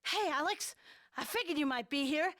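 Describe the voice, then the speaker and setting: A woman's voice: high voice, animated, moderate pace, fairly bright tone. A woman reading the lines of an eager young man urging his friend toward an adventure, stumbling and restarting often. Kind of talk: reading game dialogue aloud on stream.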